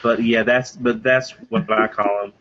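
A man's voice: on the low side, flat delivery, measured pace, fairly bright tone. A man co-hosting a podcast in casual chat, enthusiastic and rambling, often restarting his sentences. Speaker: podcast co-host. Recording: muffled lo-fi audio.

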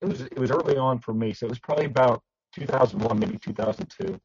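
Podcast regular, male, gravelly husky voice, animated storyteller, lo-fi sound. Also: mid-range voice, fast talker. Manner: animated storyteller, acts out quotes. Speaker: podcast panelist, toy dealer. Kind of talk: casual storytelling chat.

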